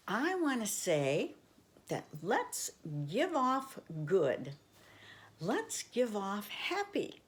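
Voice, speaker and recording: An older woman reading a storybook aloud to children, affectionate and expressive. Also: mid-range voice.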